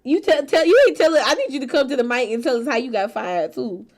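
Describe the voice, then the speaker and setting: A woman's voice: high-pitched, expressive, fast talker, darkish tone. A woman hosting a casual stream chat, laughing often, swearing freely and teasing her friends. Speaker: streamer host.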